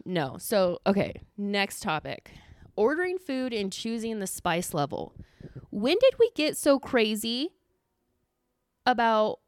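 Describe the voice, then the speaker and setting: A woman hosting a casual solo podcast, ranting in an animated, exasperated way with lots of filler words. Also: medium pitch, dry recording, studio quality. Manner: animated, exasperated, lots of "like", swings loud and soft. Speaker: podcast host.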